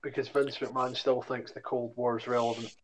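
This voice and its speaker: A man's voice: medium pitch, level tone, brisk. A man co-hosting a podcast who cuts in with corrections and wry quips. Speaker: podcast co-host. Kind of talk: casual chat.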